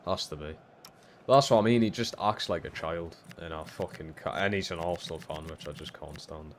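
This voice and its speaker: A young man streaming a football career game, chatting casually and swearing freely, jumping into loud excited shouts at big moments. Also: deep voice, a little fast, a little hiss or hum. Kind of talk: live-streamed gameplay commentary.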